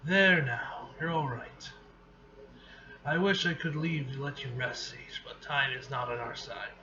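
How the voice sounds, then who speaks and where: A man reading an earnest, scholarly male mutant from a comic, in a measured, explaining manner. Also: medium pitch, highs cut off, natural voice.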